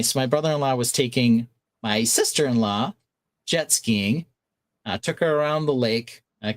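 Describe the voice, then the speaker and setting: A man's voice: mid-range voice, no room sound. A man co-hosting a casual podcast, telling a vacation story and acting out the quotes. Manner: animated, acts out quotes. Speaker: podcast co-host.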